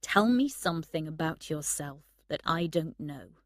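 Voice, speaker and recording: A woman reading aloud and voicing an arrogant young man who speaks softly and gently. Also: sits low, expressive, a little slow, no room sound, clean studio sound. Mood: coaxing. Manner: soft, gentle. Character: young man, arrogant, self-centred charmer.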